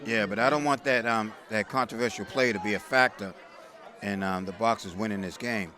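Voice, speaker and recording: A man giving casual, hesitant color commentary on a high school football game from the press booth. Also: a little fast, slight background noise. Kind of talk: local sports commentary. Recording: loud crowd and music behind.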